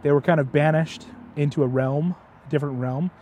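A man's voice: on the high side, steady tone, fairly quick, a little mellow, a little hiss or hum. A man chatting as his father's guest, retelling a story with passion and often stumbling over repeated words. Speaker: guest, host's son. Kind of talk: casual storytelling chat.

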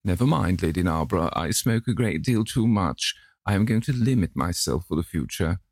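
A languid society lady who murmurs softly and politely, as a man voices her. The tone stays husky and a little gravelly, recorded close with no room sound. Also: low voice, animated, moderate pace, dry recording, heavily acted. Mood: murmuring. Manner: soft, murmuring. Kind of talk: audiobook character voice.

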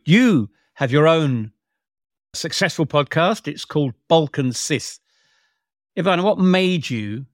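A man hosting a podcast, asking his guest questions in a measured, deliberate way. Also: a little high, no room sound, clean studio sound. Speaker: podcast host. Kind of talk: scripted interview questions.

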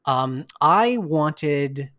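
A man with a slightly raised pitch speaks as a podcast guest. He is candid and reflective, with a wry edge, and talks at an easy interview pace. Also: animated, very slow, a bit bright, no echo, studio quality. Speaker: game designer guest. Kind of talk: casual interview talk.

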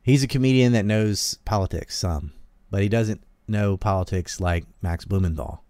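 Low-voiced Southern-raised man rambling. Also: moderate pace, a little mellow, dry recording. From American South. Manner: rambling, trails off and restarts, laughs often. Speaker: podcast host. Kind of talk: casual political chat.

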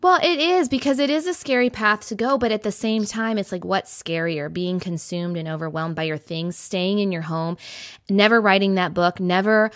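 A woman's voice: medium pitch, fairly even intonation, normal speed, no room sound, clean studio sound. A woman hosting a podcast interview, speaking in an encouraging, reflective way. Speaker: podcast host. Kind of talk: casual interview chat.

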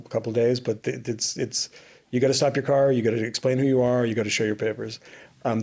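A tired man on a podcast tells a long travel story over a remote line. His voice has a gravelly edge, and his speech keeps rambling and restarting. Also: mid-range voice, a little mellow. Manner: rambling, many restarts and fillers. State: tired, bleary-eyed. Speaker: podcast co-host reporting from abroad. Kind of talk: casual conversational storytelling. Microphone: remote call-in.

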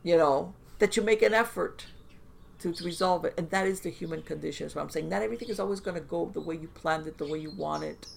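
A woman guest on a podcast, telling stories in a casual, animated way with lots of fillers and restarts. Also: sits low, fast, gravelly, a little hiss or hum. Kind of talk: casual conversational storytelling.

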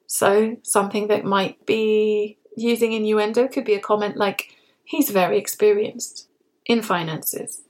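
British woman, podcast English teacher, clear slow delivery, mid-pitched, repeats key words. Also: fairly even intonation, darkish tone. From Britain.

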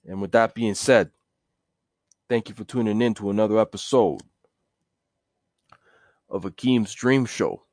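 A man hosting a solo podcast, talking in a relaxed, conversational way with plenty of fillers. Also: on the low side, unhurried, pauses often, no echo, clean studio sound. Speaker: podcast host.

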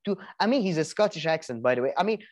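A man's voice: on the high side, expressive, rapid-fire, lo-fi sound. Rambling man with many restarts. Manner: rambling, many restarts and fillers, swears casually. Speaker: podcast co-host. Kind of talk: casual chat.

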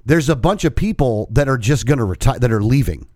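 A man's voice: medium pitch, animated, brisk, darkish tone, dry recording, studio quality. A man co-hosting a casual podcast, rambling with many restarts and reading news items aloud. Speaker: podcast co-host. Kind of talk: casual chat.

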